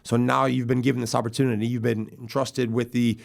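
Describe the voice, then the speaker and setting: A man's voice: mid-range voice, level tone, fast, vocal fry. An American man in his forties, a guest on a podcast, talking earnestly with many restarts. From United States. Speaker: guest, former goalkeeper. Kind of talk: casual podcast chat.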